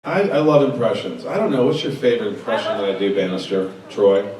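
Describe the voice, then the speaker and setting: A man's voice: on the low side, expressive, brisk. A man in his thirties telling comedic stories at a fan convention Q&A, joking and acting out the people in his stories. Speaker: actor answering fan questions on a panel. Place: large convention hall with audience. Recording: echoey convention hall from far off, loud crowd.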